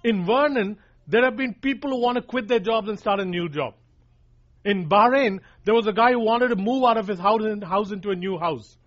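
High-voiced male preacher, emphatic sermon. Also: normal speed. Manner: emphatic, repeats lines for emphasis, addresses listeners as guys. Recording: dull lo-fi recording.

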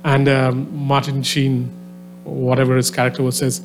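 Speaking in a monotone at medium pitch and moderate speed, this man delivers a sermon to a live crowd, with faint music in the background. His story starts chatty and filler-heavy before rising into passionate urging of his listeners, recorded at a venue with a soundboard.

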